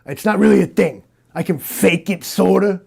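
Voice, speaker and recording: A man doing a gravelly cyborg detective. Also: sits high, moderate pace, darkish tone, full character voice. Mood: defiant. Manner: repeats the listener's name, drawling and rambling. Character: deadpan male cyborg detective, gruff, cocky, paranoid. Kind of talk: improvised comedy interrogation.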